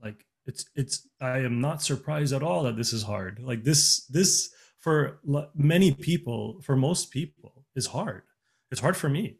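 A man's voice: mid-range voice, a little slow, creaky, breathy edge. A man talking earnestly in a casual podcast chat, giving relationship advice with many restarts and fillers.

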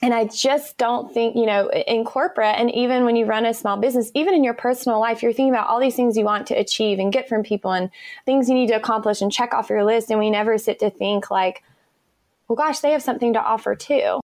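A woman's voice: on the high side, fast talker, dry recording, studio quality. A woman being interviewed on a podcast, telling workplace stories with enthusiasm and acting out quotes. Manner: enthusiastic, animated, acts out quotes. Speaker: podcast guest. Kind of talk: conversational interview storytelling.

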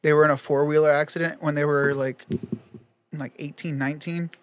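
Laid-back podcast co-host, fairly high. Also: male voice, brisk, clean tone. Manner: relaxed, laughing anecdote teller. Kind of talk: casual podcast banter.

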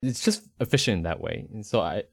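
A man's voice: lowish voice, big pitch swings, fairly quick, vocal fry, breathy edge, no echo, studio quality. A man from the Northeast United States, co-hosting a podcast in a rambling, easygoing chat, with a faint Rhode Island accent. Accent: slight Rhode Island. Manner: rambling, self-correcting, easygoing. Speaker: podcast co-host.

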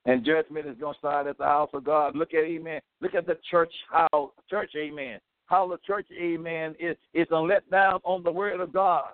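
A man's voice: on the high side, steady tone, normal speed, few pauses, dry recording. A man preaching a radio sermon with fervor, sprinkling in "amen" and "praise the Lord" as he exhorts his listeners to pray. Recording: tinny phone-like radio sound.

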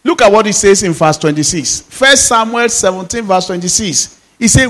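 A man's voice: high voice, normal speed, fairly bright tone, low-quality recording. A man preaching a sermon as pastor, emphatic and full of repeated rhetorical questions.

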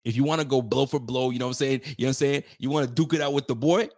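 A man hosting a casual sports talk show at a medium pitch. He rants with emphatic trash talk and loops back over his own words as he works himself up. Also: racing. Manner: animated, emphatic, ranting, trash-talking, often repeats himself.

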